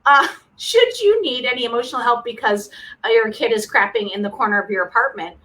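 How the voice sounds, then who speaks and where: A woman with a high, bright voice co-hosting a casual podcast. She talks in an animated, opinionated way and teases her co-host, with a sharp edge to her tone. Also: brisk, low-quality recording. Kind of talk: casual chat.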